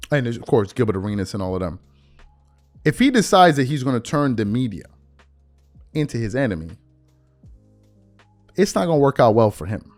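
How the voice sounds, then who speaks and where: A man's voice: medium pitch, darkish tone. A man hosting a sports podcast, giving an opinionated rant full of repeated rhetorical questions.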